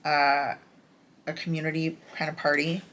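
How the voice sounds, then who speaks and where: Woman with a lowish voice, chatty, gushing about books she loved. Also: flat delivery, moderate pace, a bit bright. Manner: chatty, candid, enthusiastic about favorite lines. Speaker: book reviewer. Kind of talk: casual book review chat.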